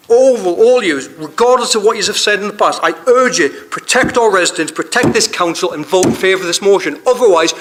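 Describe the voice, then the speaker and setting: A man speaks in a council chamber, his voice sitting high. He is plainly angry, driving his speech forward with one repeated rhetorical question after another. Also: fairly bright tone.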